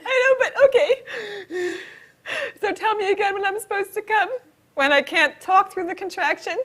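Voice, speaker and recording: Woman acting out tearful first-time mother in labor, shrill, half laughing half sobbing, frantic. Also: moderate pace, fairly bright tone. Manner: high wailing, half laughing half crying.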